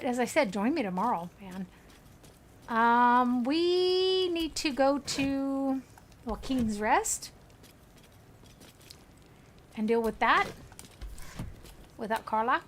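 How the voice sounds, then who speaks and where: A woman's voice: high voice, fairly bright tone, a little hiss or hum. An American woman streaming a video game, chatting casually and playfully, and laughing often. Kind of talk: casual gameplay commentary.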